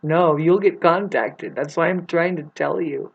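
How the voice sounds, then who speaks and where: A woman vlogger rambling through a profane spiritual monologue, swinging from soft to loud. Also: on the low side, measured pace, creaky, slightly rough, highs cut off.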